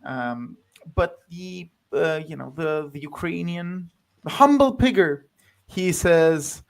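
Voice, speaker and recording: A man speaking as a guest in a casual chat about a film, halting and loose, full of fillers and restarts. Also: on the high side, expressive, gravelly.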